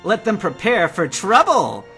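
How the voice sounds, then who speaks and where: Guy putting on a shrill bossy villain lady, pushy, storybook reading. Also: very animated, unhurried, sharp tone, soft background music, heavily acted. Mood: scheming. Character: bossy scheming female villain agent.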